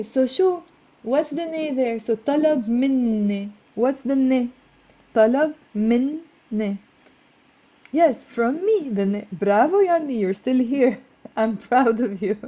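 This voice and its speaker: A woman's voice: a little high, warm tone, lo-fi sound. Chatty woman teaching a live lesson. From Lebanon. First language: Lebanese Arabic. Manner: chatty, encouraging, greets viewers by name; stressed and slightly flustered. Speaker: Arabic teacher. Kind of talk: live-streamed language lesson.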